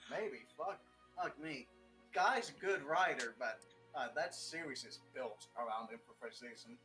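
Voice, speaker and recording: Young man, bright voice, rambling casual talk, cussing, faint music in the background. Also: medium pitch, expressive, unhurried, low-quality recording. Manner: rambling, swears freely, jokey. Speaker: guest writer. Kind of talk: casual chat.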